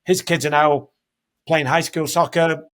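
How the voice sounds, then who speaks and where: Interview guest: a Northern English man in his fifties, fairly high voice, loose and talkative, often restarts. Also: fairly even intonation, a little slow, a bit bright. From Northern England. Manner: rambling, self-correcting, chatty. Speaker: guest, soccer program leader. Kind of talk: conversational interview. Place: home, house in Denver.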